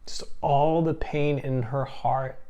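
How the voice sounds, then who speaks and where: A man's voice: mid-range voice, fairly even intonation, slow pace, warm tone, clean tone, dull audio. Male seminar speaker: earnest, reflective sermon delivery, mid-range voice, frequent restarts. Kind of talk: sermon-style talk.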